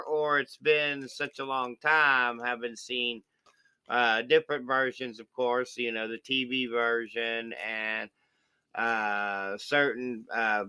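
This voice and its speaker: A man's voice: mid-range voice, pushed and bright, clear, resonant tone. A man co-hosting a casual unboxing chat, easygoing and rambling, often speaking to the viewers as guys. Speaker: co-host of unboxing channel.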